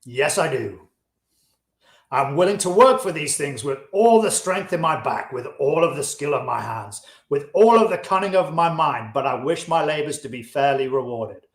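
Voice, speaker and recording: A man's voice: fairly high pitch, expressive, moderate pace. A man reading the part of an earnest, discontented chariot maker, speaking old-fashioned English with passion. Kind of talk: audiobook-style reading of a classic. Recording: roomy echo.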